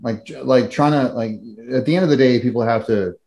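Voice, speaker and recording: A man's voice: medium pitch, brisk, a little mellow. A man in a casual podcast discussion, explaining ideas hesitantly with many fillers. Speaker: podcast guest.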